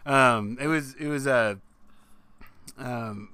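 A man's voice: mid-range voice, takes it slowly, sharp tone, clean tone. A man hosting a casual podcast interview, joking and swearing, often restarting his sentences. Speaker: podcast host.

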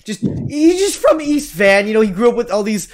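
A man's voice: high voice, sing-song, a little fast. A young man co-hosting a podcast, chatting playfully and laughing often. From Canada. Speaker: podcast co-host. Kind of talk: casual chat.

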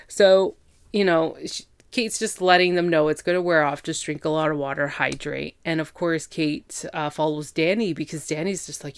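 Low-voiced woman chatting through a recap. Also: moderate pace, clean tone, dry recording. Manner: chatty, filler-heavy, acts out the characters' lines. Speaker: podcast host. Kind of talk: casual TV episode recap.

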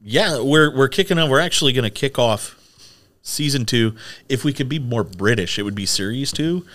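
A man's voice: mid-range voice, expressive, moderate pace, fairly bright tone. A man co-hosting a casual tech podcast, chatty and rambling with lots of fillers. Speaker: podcast co-host. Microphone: studio microphone.

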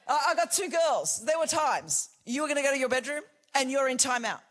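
Woman preacher in her forties, high voice, passionate sermon, hushed then shouting. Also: animated, brisk.

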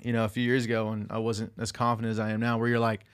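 A man who works as an electrician and wants to do comedy, talking in a casual chat. He swears freely and tells animated stories, acting out the other people in them. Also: lowish voice, rapid-fire, smooth. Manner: profane, animated storytelling with acted-out voices.

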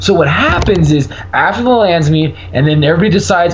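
A man chatting casually as a podcast co-host, telling a story in an animated, profane way. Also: on the high side, brisk. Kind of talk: casual chat. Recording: dull lo-fi recording, faint noise.

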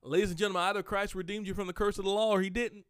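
A man giving a casual teaching sermon in a folksy, animated way, joking with his listeners. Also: high voice, racing, clear, resonant tone, no room sound, studio quality. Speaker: preacher.

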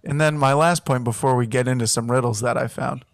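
A man chats as a podcast guest, riffing with deadpan jokes. His voice sits at a middle pitch. The recording is dry and close. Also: brisk, creaky, dry recording. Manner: jokey riffing, deadpan asides. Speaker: podcast guest, comedy writer. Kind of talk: casual comedic chat.

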